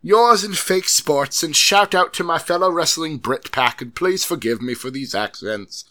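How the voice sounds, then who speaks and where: A man reading a listener's letter aloud in a put-on British accent that slips toward Irish, voicing a cheery male wrestling fan in a loud, bouncy, theatrical way. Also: a little high, unhurried, pitched above the performer's own voice. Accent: put-on British, drifting toward Irish.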